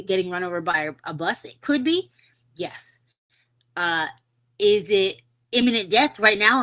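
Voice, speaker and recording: A woman hosts her own podcast in a mid-range, bright voice with a forceful tone, captured on a low-quality recording. She talks casually and earnestly, uses many fillers, and encourages her listeners.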